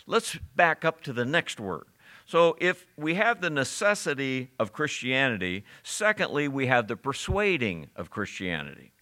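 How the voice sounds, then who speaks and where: A male pastor delivers a sermon in a bright, forceful voice. He preaches emphatically and keeps asking his listeners rhetorical questions. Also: medium pitch, sing-song, normal speed.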